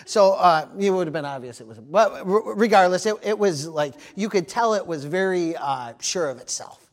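A man pastor preaching a sermon, telling animated stories and calling out "amen" and "praise the Lord". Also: sits high, normal speed. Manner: animated storytelling with amens and praise interjections.

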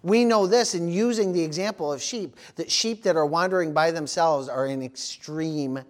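A man pastor preaching a sermon, telling animated stories and calling out "amen" and "praise the Lord". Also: on the high side, normal speed. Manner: animated storytelling with amens and praise interjections.

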